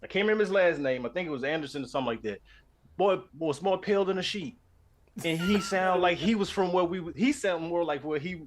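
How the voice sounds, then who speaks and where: A man from Louisiana, a voice actor, chatting on a stream in an articulate, animated way. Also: medium pitch. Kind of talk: casual chat on a stream.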